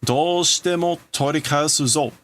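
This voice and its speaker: A man voicing a gruff, scheming manga villain. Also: a little high, a little slow, a bit bright, pitched above the performer's own voice. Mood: determined.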